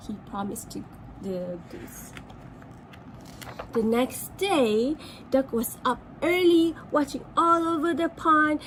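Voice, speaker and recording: A Malaysian teacher with a high-sitting voice reads a picture book aloud to children, adding chatty asides as she points out the pictures. The recording is rough, with a little hiss or hum.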